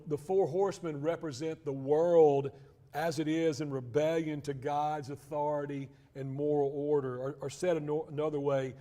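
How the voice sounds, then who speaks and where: A man's voice: a little high, mellow. A man teaching a church Bible class in a conversational way, with frequent restarts and asides.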